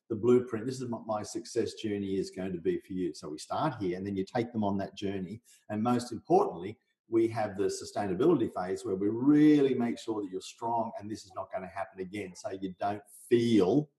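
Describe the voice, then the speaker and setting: Middle-aged man, from Australia, podcast guest, business coach, energetic explainer, low mellow voice, roomy echo. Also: a little fast. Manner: energetic, role-plays sales conversations.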